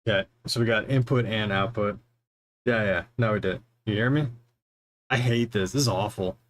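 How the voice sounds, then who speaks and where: A man's voice: fairly low pitch, normal speed, a bit bright, a little hiss or hum. A man streaming a game, rambling and mocking himself as he mutters through settings and chats. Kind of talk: casual gaming livestream chatter. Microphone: desk mic with headphones monitoring.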